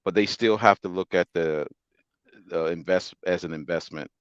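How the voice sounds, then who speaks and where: A man's voice: low voice, normal speed, smooth, no echo, dull audio. Laughing man in casual sports talk. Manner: laughs often, drops his voice at phrase ends. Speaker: podcast co-host.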